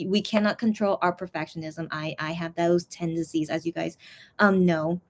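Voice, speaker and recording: A woman's voice: on the low side, moderate pace. A young woman in casual chat, rambling to her viewers with lots of fillers and restarts. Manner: chatty and animated, talking straight to viewers. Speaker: fan vlogger.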